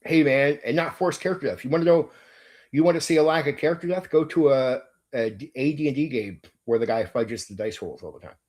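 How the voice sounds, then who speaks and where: A man's voice: medium pitch, a little fast, darkish tone. Blunt, swearing man ranting. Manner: blunt, profane, repeats himself. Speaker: tabletop RPG channel host. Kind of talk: casual opinion rant to a viewer.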